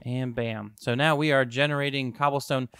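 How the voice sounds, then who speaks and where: A young man giving excitable, self-mocking let's-play commentary to his viewers as a gaming YouTuber. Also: medium pitch, moderate pace, clear, resonant tone, no room sound.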